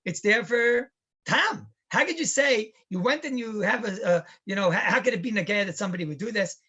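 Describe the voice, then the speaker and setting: A man's voice: sits high, expressive, fairly quick, sharp tone, slightly rough, muffled recording. A man, a rabbi, teaching a halacha class in a chatty lecture style, telling stories and asking rhetorical questions.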